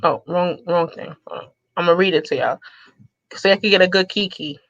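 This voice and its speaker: A woman, telling a sassy, animated story to her viewers and laughing often. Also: fairly low pitch, brisk, no echo, highs cut off. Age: 30s. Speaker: vlogger.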